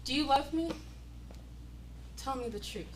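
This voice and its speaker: A woman's voice: high-pitched, a little slow, reverberant, recorded from a distance, slight background noise, rough recording. A woman acting a stage monologue as a desperate young woman torn over a cruel dying man, speaking in an anguished, pleading way. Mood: bitter. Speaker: acting student. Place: acting studio room.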